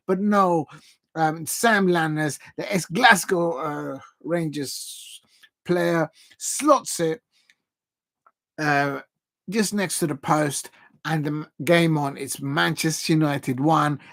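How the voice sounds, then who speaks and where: A man's voice: a little high, vocal fry. A man giving live, rambling football watch-along commentary, chatting casually to his viewers and often correcting himself. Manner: rambling and excitable, with frequent restarts and self-corrections.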